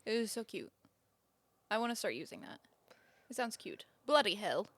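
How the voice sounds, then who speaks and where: A young American woman co-hosting a podcast, chatty and teasing, laughing loudly. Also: fairly high pitch, very animated, normal speed, no room sound. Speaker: podcast co-host. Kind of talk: casual chat.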